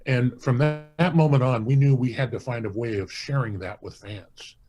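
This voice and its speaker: A man's voice: mid-range voice, normal speed, a little mellow, faint music behind. A man being interviewed as a museum president, earnest and rambling, often restarting his phrases while he tells stories. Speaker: hall of fame president, guest. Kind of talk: casual interview storytelling.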